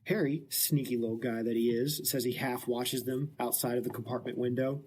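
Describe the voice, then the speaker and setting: A man hosting a podcast, casually retelling a book chapter with jokes and quick acted-out quotes. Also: medium pitch, fairly even intonation, darkish tone, a little hiss or hum. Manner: jokey, acts out quotes in voices. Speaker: podcast host.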